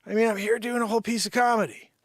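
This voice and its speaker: A man's voice: sits high, fairly even intonation, rapid-fire, vocal fry, dry recording. A man who makes his own comedy videos, muttering to himself in frustration. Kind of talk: casual talk to camera.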